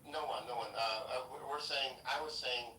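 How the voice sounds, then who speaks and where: A chatty man hedges his opinions in a casual debate and laughs easily. His voice is bright. He sounds distant in an echoey room. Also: mid-range voice, steady tone, moderate pace. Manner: chatty, hedging, laughs often. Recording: echoey room, distant mic, faint hiss.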